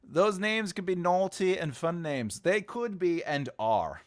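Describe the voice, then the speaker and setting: A man's voice: sits high, lively intonation, slow. A man hosting a writing channel livestream, casually chatting and teasing viewers in a playful, giggly way.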